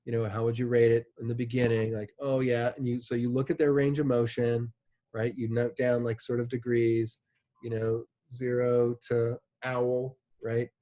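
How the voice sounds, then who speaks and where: A man's voice: medium pitch, flat delivery, normal speed, mellow. Guy teaching a class, super casual, lots of "like" and "you know", keeps saying "right?". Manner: casual, chatty, checks in with "right?" often; many fillers like "like" and "you know". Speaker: instructor. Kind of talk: classroom lecture.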